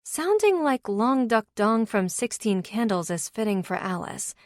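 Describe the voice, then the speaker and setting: A woman's voice: a little high, very animated, a little slow, no room sound, studio quality, voice pushed up. A woman narrator voicing a frank, curious young woman in an audiobook.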